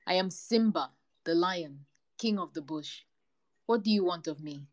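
A woman's voice: lowish voice, measured pace, natural voice. A woman voicing a proud male lion who calls himself king of the bush, speaking haughtily. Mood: haughty.

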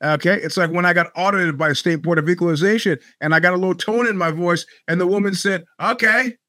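A man's voice: high-pitched, fairly even intonation, fast talker, pushed and bright, no room sound, clean studio sound. A man hosting a show, telling rambling, sardonic stories with plenty of profanity. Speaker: podcast host. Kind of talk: casual monologue.

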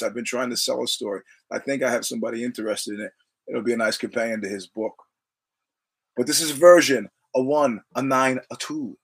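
Husky-voiced man hosting a podcast. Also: medium pitch. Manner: digressive, quotes film lines, laughs often. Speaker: podcast host. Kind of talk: rambling casual monologue.

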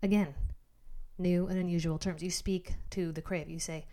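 A woman podcast host giving animated motivational talk, speaking straight to the listener in a coaching manner. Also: fairly low pitch, normal speed.

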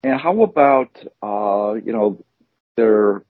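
A man's voice: fairly low pitch, animated, slow, no room sound. A man co-hosting a podcast, talking in a rambling, hesitant way with many fillers. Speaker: podcast co-host. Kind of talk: casual banter. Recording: tinny phone-like sound.

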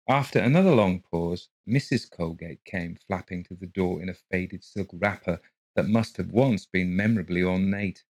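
Male narrator for a ghost story; low, steady and measured, dry sound. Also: no room sound.

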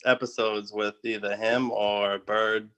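A man's voice: fairly low pitch, level tone, takes it slowly, fairly bright tone, lo-fi sound. A man as a podcast guest, easygoing and agreeable, laughing often. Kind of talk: casual podcast chat.

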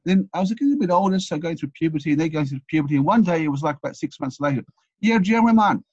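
A man's voice: fairly high pitch, very fast, darkish tone, slightly rough, no echo. A man in his sixties from England, telling rambling anecdotes as an interview guest, with many restarts. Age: 60s. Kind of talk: casual storytelling interview. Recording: dull, dry lo-fi recording.

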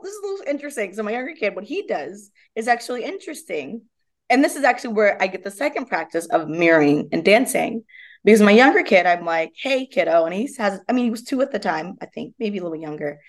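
A young woman speaks as a podcast guest, telling stories in a lively, casual way. She slips into the voices of the people she describes. Her voice sits at an ordinary middle pitch. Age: young adult. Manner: animated, acts out quoted dialogue. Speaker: guest, movement method founder. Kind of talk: casual storytelling interview.

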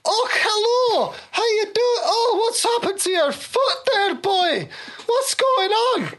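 A man voicing a fussing female nurse in a shrieking, sing-song falsetto. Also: expressive, slow pace, fairly bright tone, heavily acted.

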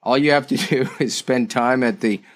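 A man's voice: medium pitch, fairly even intonation, normal speed. A man co-hosts a casual conversation, sounding eager and laughing easily. His voice sits in a mid range, and he often jumps in with examples. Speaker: podcast co-host. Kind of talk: casual business chat.

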